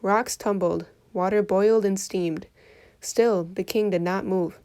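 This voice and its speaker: A woman reading a folktale aloud for children in an expressive storytelling voice. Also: medium pitch, measured pace, clean tone.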